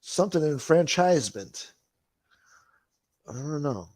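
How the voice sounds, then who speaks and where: This man's voice is fairly high and expressive, measured in pace and a little mellow, on a dry recording. He hosts a livestream and reads viewer comments, chatting in a rambling, profane manner with lots of swearing and laughs.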